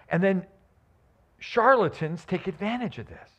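A man preaching a sermon as a pastor, with animated, emphatic delivery and frequent restarts. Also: on the high side, unhurried, dull audio.

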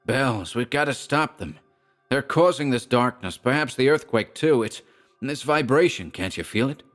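A man's voice: low-pitched, lively intonation, normal speed, faint music behind. A man voicing a frightened, scholarly man who explains things urgently.

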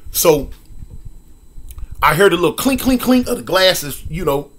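A man in his sixties from Los Angeles telling a story casually, animated, with sound effects and lots of repetition. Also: high voice, unhurried. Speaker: storyteller guest.

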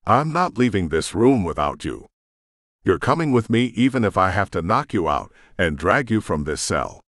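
Ancient stern demon blacksmith, man doing the voice; low, gruff, commanding, audiobook dialogue. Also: very animated, moderate pace, a bit bright, dry recording, clean studio sound, full character voice. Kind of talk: audiobook character voice.

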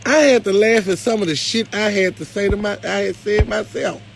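A man hosting a live stream, talking casually, pleading one moment and loudly complaining the next. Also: high voice, a little fast, creaky, slight background noise. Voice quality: animated, swings from pleading to loud complaint. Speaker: live show host.

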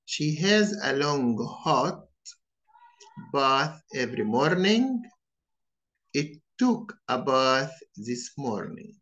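A man teaching English vocabulary, saying each word slowly and deliberately and repeating it in pairs. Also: mid-range voice, big pitch swings, a bit bright, muffled recording. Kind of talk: vocabulary drill lesson.

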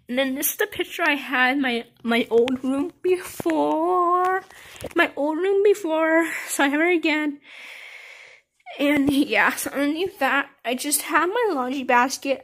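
Teenage girl, high-pitched, casual bedroom tour, rambling, filler-heavy, handheld phone camera. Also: a bit bright. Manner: rambling with many fillers and restarts. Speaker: vlogger. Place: her bedroom.

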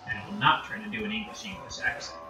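A man's voice: fairly high pitch, very animated, quick pace, far from the mic. A man with a Northern American accent, chatting casually and rambling while live-streaming a game, self-deprecating and easily sidetracked. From United States. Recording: roomy, off-mic, music behind.

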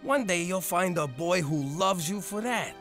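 A man voicing a gruff, exasperated ex-mobster father in an adult cartoon, prone to yelling and soft on his daughter. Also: sits high, expressive, moderate pace, music in the background. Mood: pleading. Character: blustery mob-guy dad, soft on his daughter. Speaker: strip club owner and father.

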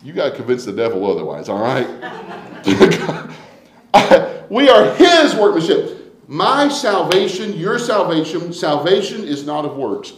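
A pastor preaching in a fairly high voice that echoes around the sanctuary. He drops to quiet, intimate lines, then builds to loud, emphatic declarations. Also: big pitch swings, unhurried. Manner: dynamic preaching, swinging from hushed to loud and emphatic. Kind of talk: sermon. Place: church sanctuary.

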